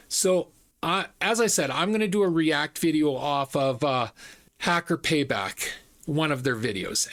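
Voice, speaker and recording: A man hosting a reaction channel, telling a personal story in a chatty, rambling way and laughing at it. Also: a little high. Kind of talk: casual storytelling monologue.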